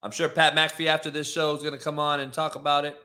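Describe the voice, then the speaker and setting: A sports talk show host rants on a casual stream, fired up, cursing freely and addressing his viewers and chat directly. He talks fast in a fairly high, sharp voice with little pitch movement.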